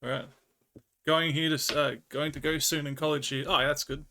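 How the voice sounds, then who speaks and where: A man's voice: on the high side, flat delivery, brisk, pushed and bright, slight background noise. A man with an Australian accent chatting with viewers on a live stream, telling rambling stories and laughing often. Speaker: livestreamer. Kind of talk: casual chat with viewers.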